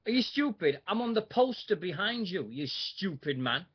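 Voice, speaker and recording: Guy doing a high sneery wrestler mocking a heckler, lo-fi radio sound. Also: very animated, moderate pace, slightly rough, heavily acted. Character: scornful shouting male wrestler mocking a heckler.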